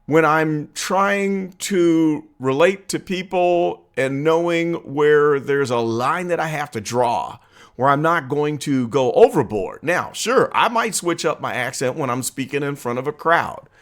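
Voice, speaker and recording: A man's voice: on the high side, a little slow, a bit bright. A man hosting a political commentary channel, talking casually and chattily to viewers, asking for their opinions and laughing easily.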